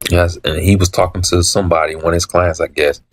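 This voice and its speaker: A man with a low, husky voice recounts his story in a casual, unscripted monologue. He repeats phrases for emphasis, acts out the dialogue he quotes, and often stops to clear his throat. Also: little pitch movement, quick pace. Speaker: litigant telling his story.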